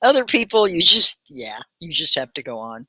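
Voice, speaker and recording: A woman hosting a live online English lesson, chatty and animated, laughing often and slowing down to stress key words. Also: low voice, slightly rough, dry recording. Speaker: ESL teacher and livestream host.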